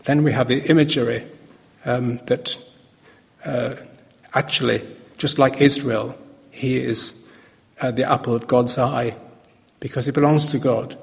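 A man preaching a sermon in a relaxed, conversational way, often pausing and restarting his sentences. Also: medium pitch, gravelly. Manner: conversational, halting with fillers and restarts. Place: church hall. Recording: long hall reverb.

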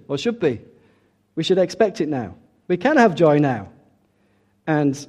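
A man preaching a sermon, emphatic, dropping soft and then rising loud for key points. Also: fairly high pitch, slightly rough.

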